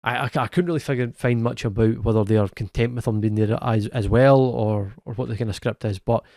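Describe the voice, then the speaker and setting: In a dry, clean studio recording, a man with a steady, mid-range, slightly creaky and a little mellow voice co-hosts a football podcast. The talk is casual chat, full of self-corrections, restarted sentences and quick laughs.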